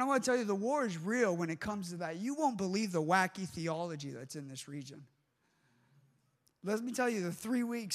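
A man preaching a sermon with fervent emphasis and restarts, before a live congregation in a large hall. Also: high voice. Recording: long hall reverb.

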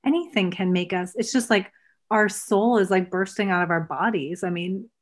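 A woman's voice: medium pitch, moderate pace. A woman in casual conversation who speaks earnestly and reflectively about emotions and inner truth. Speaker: guest, former coach.

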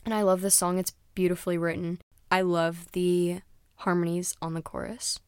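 A woman's voice: fairly low pitch, level tone, moderate pace, smooth, no room sound, clean studio sound. A young woman chatting casually as a music reviewer, rambling and dropping into whispered asides. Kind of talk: casual chat.

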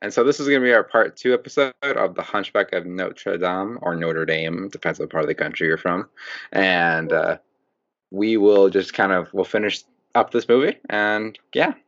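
A man's voice: low voice, normal speed, fairly bright tone, muffled recording. A man with a Wisconsin accent, co-hosting a podcast in casual, rambling chat. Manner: chatty, rambling, restarts sentences. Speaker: podcast co-host.

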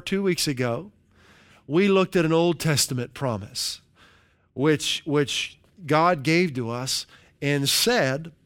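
A man preaching a sermon as pastor, leading his congregation through slow, emphatic call-and-response lines. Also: fairly high pitch, fairly bright tone.

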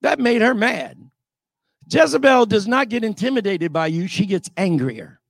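A man preaching a sermon, emphatic and often shouting, calling out rhetorical questions to the congregation. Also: high voice, lively intonation, moderate pace, creaky, no echo, clean studio sound.

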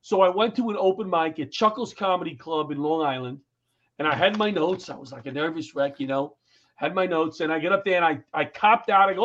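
Animated New man telling stories. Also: on the high side, fairly quick, highs cut off. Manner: animated storyteller, acts out quotes in raised voice. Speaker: guest comedian and former firefighter. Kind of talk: storytelling in casual interview chat.

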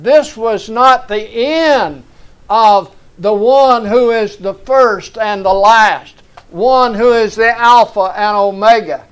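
A man preaching a sermon in a church, slow and emphatic, building to raised, shouted climaxes. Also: high-pitched, smooth.

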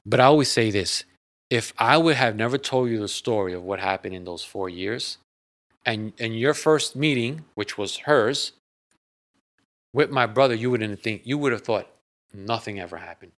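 A man's voice: lowish voice, expressive, moderate pace, a bit bright, dry recording, clean studio sound. A man telling a personal story in a casual, rambling, earnest way, often repeating and restarting his words. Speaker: guest sharing a personal story.

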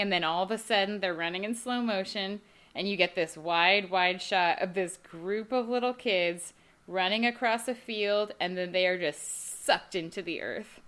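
A woman chatting casually about a movie as a podcast co-host, frank and quick to laugh. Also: medium pitch. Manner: laughing, frank, animated storytelling. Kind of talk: casual movie review chat.

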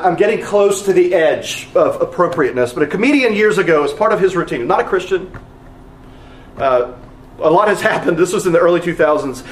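A man's voice: high-pitched, echoey room. A man preaching a sermon as pastor, earnest and emphatic, repeating phrases for weight.

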